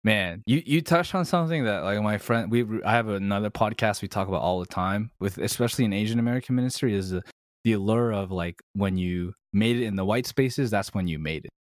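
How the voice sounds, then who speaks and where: An enthusiastic man chatting on a podcast, his talk full of "like" and "man". His voice sits a little low. The recording is dry and close to the mic. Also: fairly quick, no echo. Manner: enthusiastic, heavy use of "like" and "man". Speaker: podcast guest, ministry podcaster. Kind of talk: casual podcast discussion.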